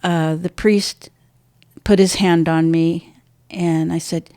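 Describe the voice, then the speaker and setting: Older woman guest, halting emotional storytelling, darkish low voice, dry mic. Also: fairly even intonation, no echo. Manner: halting, restarts often, voice drops low and soft at painful moments. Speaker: podcast guest.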